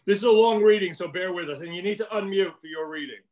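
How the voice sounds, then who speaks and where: A man teaching a class over a video call, explaining things in a measured way and calling on students by name. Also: high voice, a little mellow, rough recording.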